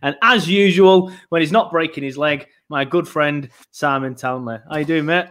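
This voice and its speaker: A man's voice: a little high, normal speed, fairly bright tone. A young man hosting a casual football podcast, rambling with frequent ums. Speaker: podcast host.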